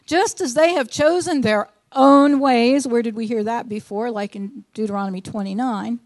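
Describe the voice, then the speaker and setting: A woman's voice: on the high side, normal speed, a little mellow, dry recording, clean studio sound. A woman teaching a sermon, reading scripture with emphasis and mixing in earnest, folksy asides. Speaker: Bible teacher.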